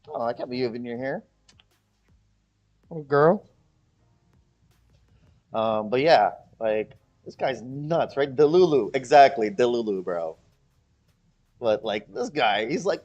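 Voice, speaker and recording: A man's voice: a little high, normal speed. A man hosting a casual livestream, chatting with viewers and ranting with jokes and mocking voices. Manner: animated, joking rants with mocking voices. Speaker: livestream host.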